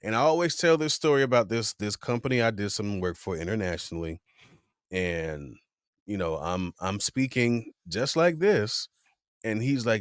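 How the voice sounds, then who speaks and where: A man hosting a podcast in casual chat, playful and lively, egging his guest on. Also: lowish voice, moderate pace, clean tone, no echo, clean studio sound. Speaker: podcast host.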